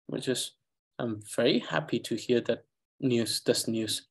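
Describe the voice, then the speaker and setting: A man with an Eastern Tibetan accent explains words to his students in an online class. His voice sits at a middle pitch, and he talks in halting bursts, filling the gaps with "uh" as he thinks aloud. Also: expressive. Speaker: Tibetan language teacher. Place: online class, video call.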